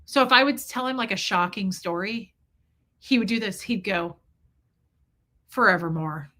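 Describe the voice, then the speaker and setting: A woman live-streaming, telling animated stories in casual chat, reading viewer comments aloud and swearing freely. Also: a little high, moderate pace.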